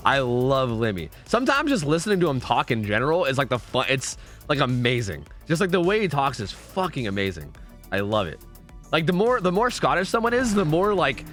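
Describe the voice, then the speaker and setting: A man's voice: mid-range voice, a bit bright. A young man streaming a game, talking casually and rambling with his viewers, swearing freely.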